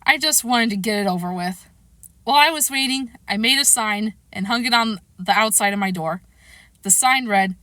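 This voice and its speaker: A woman reading a children's novel aloud in lively, expressive first-person narration, close to the mic. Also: medium pitch, moderate pace, dry recording. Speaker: storybook reader.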